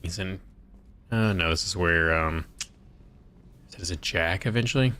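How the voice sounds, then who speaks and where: A man's voice: deep voice, measured pace, bright, forceful tone. A man streaming a game and chatting casually in laid-back reactions. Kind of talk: casual gameplay commentary.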